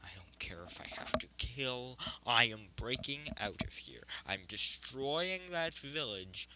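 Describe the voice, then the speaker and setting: A man voicing a huge male nine-tailed fox beast, a desperate grieving father who pleads and swings between whispers and shouts. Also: mid-range voice, big pitch swings, measured pace, noisy background, voice pushed up. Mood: raging.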